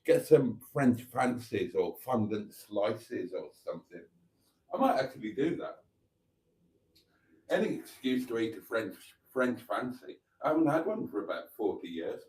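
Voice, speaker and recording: A man's voice: medium pitch, sing-song, unhurried, a little mellow. A middle-aged man, chatting casually on a live stream and reading viewer comments aloud with playful asides.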